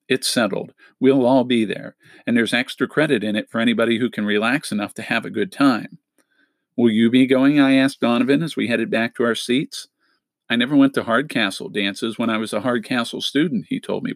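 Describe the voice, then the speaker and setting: Gravelly male storybook narrator. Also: no room sound. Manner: lifts pitch for quoted characters, drops for tags. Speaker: audiobook narrator. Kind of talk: reading a middle-grade novel aloud, voicing characters.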